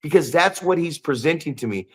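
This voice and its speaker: A man's voice: fairly high pitch, lively intonation, brisk. A man co-hosting a podcast, ranting heatedly and swearing a lot. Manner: profane, ranting, emphatic. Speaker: podcast co-host. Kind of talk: heated casual podcast talk.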